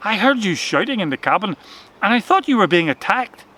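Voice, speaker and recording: A man doing a brisk brave little mouse. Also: high voice, very animated, bright, forceful tone, a little hiss or hum, heavily acted. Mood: apologetic. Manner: brisk and urgent.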